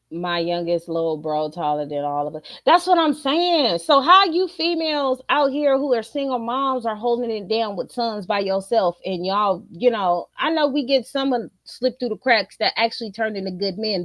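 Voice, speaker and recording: A middle-aged woman streamer giving a blunt, profane, animated opinion rant to her viewers. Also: medium pitch, normal speed, dry recording, clean studio sound.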